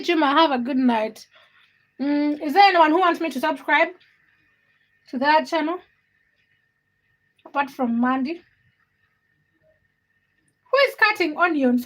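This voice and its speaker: A young woman with a high, bright voice hosts a casual livestream. She chats with viewers by name, teasing them and giggling as she reads the comments. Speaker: livestream host.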